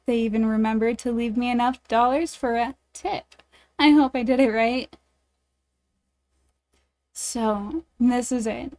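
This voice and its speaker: A woman's voice: on the high side, steady tone, unhurried, pauses often, a little mellow. A woman streaming a dating game, reading it aloud and chatting with her viewers in a bubbly, giggly, self-deprecating way.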